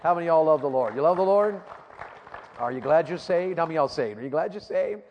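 A man preaching a sermon, questioning the congregation and reading scripture slowly and deliberately. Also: a little high, animated, muffled recording, a little hiss or hum. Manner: call-and-response, asking the crowd questions. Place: church auditorium. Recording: reverberant hall.

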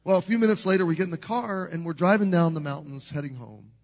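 With a fairly high pitch and quick pace, a middle-aged man preaches as a pastor, relating a story in an earnest, conversational way full of restarts. The recording carries a large hall's long reverb.

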